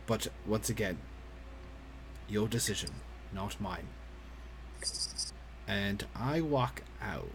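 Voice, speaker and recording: Man doing a solemn elderly professor, slow and grave, faint hiss behind. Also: fairly low pitch, animated. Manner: grave, slow warning delivery. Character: stern old male professor, solemn and measured. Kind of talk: tabletop role-play.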